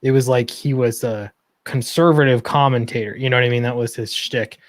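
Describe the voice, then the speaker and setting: A man's voice: mid-range voice, steady tone, a little fast, no room sound, clean studio sound. A man hosting a casual late-night stream, easygoing and agreeable. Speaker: stream host.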